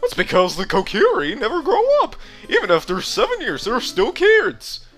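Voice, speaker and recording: A chirpy, childlike tree sprout spirit from a video game chatters in a squeaky, sing-song voice pitched very high, as an Australian man puts it on. Bright, lively and bouncy, with the Australian accent still heard. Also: normal speed, soft background music, heavily acted.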